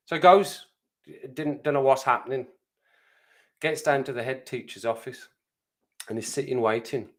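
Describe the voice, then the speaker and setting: A man's voice: mid-range voice, moderate pace, long pauses. A man telling a story on a live stream, rambling and repeating phrases for comic effect.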